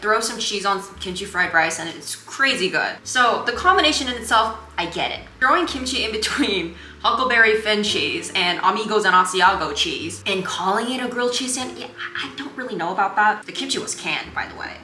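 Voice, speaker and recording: A woman's voice: medium pitch, expressive, a little fast, hardly any pauses, sharp tone, reverberant, a little hiss or hum. A young woman from Korea chatting casually in a cooking vlog, rambling in a sarcastic, self-mocking way. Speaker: cooking vlogger. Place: home kitchen.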